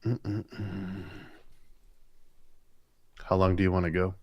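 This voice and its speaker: A man's voice: low voice, little pitch movement, takes it slowly, slightly rough, dry recording, muffled recording. A man co-hosting a live stream, reading viewer questions aloud and answering with rambling, enthusiastic stories. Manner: chatty, rambling, enthusiastic storytelling. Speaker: comic artist and co-host.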